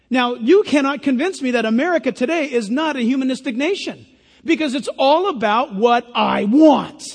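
A man's voice: extremely high pitch, in a large hall. A man preaching a sermon as pastor, emphatic with sarcastic asides.

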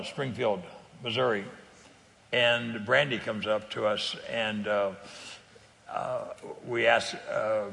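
A man's voice: fairly low pitch, gravelly, a bit bright, long reverb tail. An older man from California telling faith stories in an earnest, conversational way, often repeating words and laughing easily. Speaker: guest speaker on faith sharing. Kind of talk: conversational testimony.

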